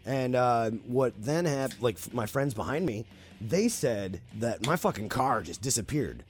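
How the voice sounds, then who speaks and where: A man's voice: medium pitch, lively intonation, measured pace, slight background noise. A man casually telling a spooky story on a podcast, swearing freely and talking animatedly.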